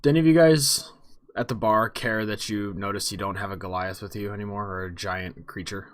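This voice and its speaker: A man's voice: lowish voice, fairly even intonation, brisk. A man running a tabletop game as dungeon master, narrating in a laid-back way.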